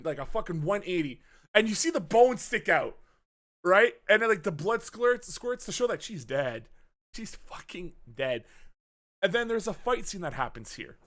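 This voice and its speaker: A man talking through a movie on a casual podcast, his voice bright and forceful. His pitch jumps up and down a lot as he gets into it. He swears freely and slips into quick voices for the characters. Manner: animated, swears often, acts out scenes with quick voice changes. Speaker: podcast co-host. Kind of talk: casual movie review chat.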